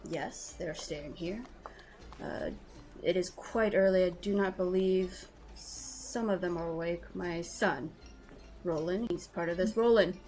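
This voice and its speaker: A woman voicing a strict, quiet father in a tabletop game, speaking calmly and formally. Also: on the low side, faint music behind. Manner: calm, formal, measured.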